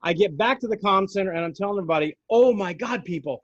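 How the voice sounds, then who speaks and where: A man with a high voice tells stories in casual conversation, playing out the voices of people he quotes. His voice sounds dry and a little dull, with no room behind it. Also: fast talker, no echo. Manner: animated storyteller, acts out quotes. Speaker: podcast co-host, former dispatcher. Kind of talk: casual storytelling chat.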